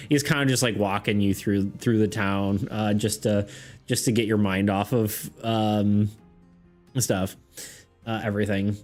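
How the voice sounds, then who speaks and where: A man's voice: lowish voice, steady tone, measured pace, darkish tone, soft background music. A man running a tabletop game as game master, narrating loosely with lots of fillers and frequent laughter. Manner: giggly, rambling, lots of fillers.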